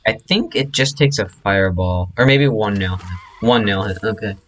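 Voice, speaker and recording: A man's voice: fairly low pitch, moderate pace, a bit bright, low-quality recording. A man who speedruns, casually explaining his own run over replay footage, chatty and correcting himself as he goes.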